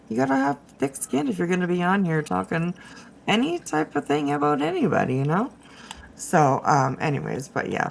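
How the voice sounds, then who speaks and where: A woman's voice: lowish voice, gravelly, a little hiss or hum. A woman hosting casual drama commentary, chatty and swearing freely, laughing often and fighting off a cough. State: coughing from a cold.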